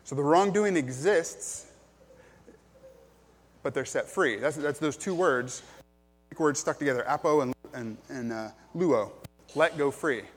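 A man's voice: on the high side, unhurried, long pauses, long reverb tail, soft background music. A man preaching a sermon as pastor, earnest and plain-spoken, with frequent ums and restarts.

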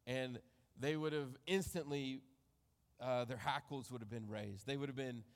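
A man preaching a sermon, reading scripture aloud and reflecting on it in a measured way that trails off softly at the ends of phrases. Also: mid-range voice, long reverb tail. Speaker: pastor.

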